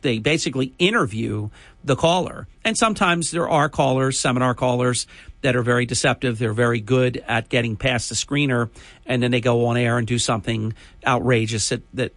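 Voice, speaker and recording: A man's voice: mid-range voice, fairly bright tone, no echo. A man hosting a morning talk radio show, talking in an emphatic, chatty way.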